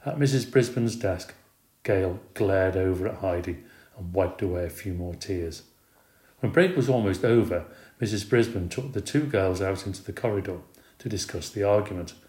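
A man narrating a children's storybook with expressive, animated reading. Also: sits low, moderate pace. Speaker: reader. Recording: roomy recording.

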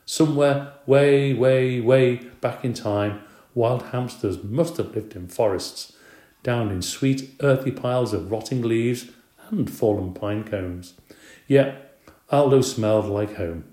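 A man narrating a children's story with gentle, expressive storytelling. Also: mid-range voice, unhurried. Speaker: audiobook narrator. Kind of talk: scripted narration. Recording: roomy echo.

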